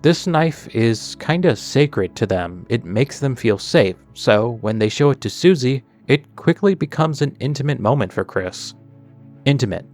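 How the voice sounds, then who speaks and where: Male video essayist with a lowish voice, chatty and a little sarcastic, over faint music. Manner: chatty, wanders into tangents and sarcastic asides. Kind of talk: game character analysis narration.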